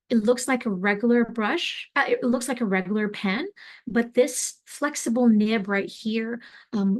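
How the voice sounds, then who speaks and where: A young adult woman teaching an online craft class, talking in a relaxed, chatty way with lots of fillers as she demonstrates. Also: medium pitch. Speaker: craft instructor.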